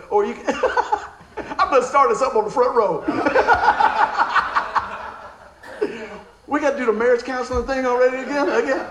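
A middle-aged man delivers a sermon with animated storytelling and lots of laughter. His voice sits high and leaps around. The room is echoey, with a faint hum of background noise. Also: moderate pace, pauses often, muffled recording. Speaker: pastor.

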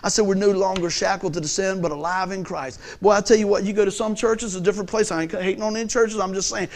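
A man preaching a sermon in a folksy, conversational way, swinging from hushed lines to shouts. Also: high-pitched, fairly even intonation, quick pace.

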